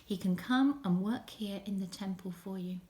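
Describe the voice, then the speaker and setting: A woman's voice: mid-range voice, moderate pace, mellow, echoey room, natural voice. A woman voicing a hopeful young woman making a promise in a children's storybook tale. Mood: earnest.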